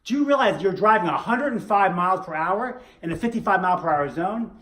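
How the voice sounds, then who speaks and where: A man's voice: sits high, animated, a little fast, a bit bright. Polite traffic cop writing tickets, guy doing it, kinda formal, echoey. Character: polite no-nonsense highway police officer. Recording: roomy echo.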